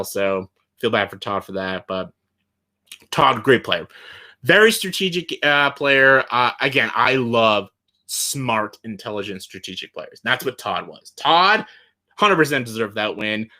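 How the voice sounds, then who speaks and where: A man's voice: fairly low pitch, bright, forceful tone. A man talking casually on his vlog as he ranks favorites, enthusiastic and blunt, swearing freely and filling gaps with "like" and "uh.". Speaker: YouTuber ranking show winners.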